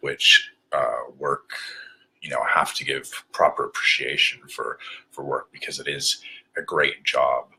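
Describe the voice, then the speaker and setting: A man's voice: a bass voice, sharp tone, husky. A worn-out man rambling through a candid video diary in a self-described bad British accent, hesitant and full of fillers. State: mentally exhausted. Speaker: vlogger.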